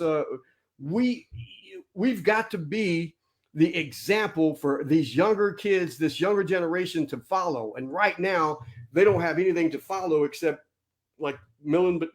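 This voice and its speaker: A man talks tough about discipline in a blunt, animated way. His voice sits a little higher than most men's. He sounds preachy and keeps driving each point home. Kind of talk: motivational casual talk.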